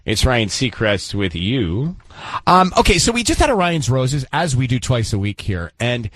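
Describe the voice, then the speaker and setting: Playful, animated male radio host. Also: mid-range voice, moderate pace, no echo. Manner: joking, playful teasing. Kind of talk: radio talk show chat. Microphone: studio microphone.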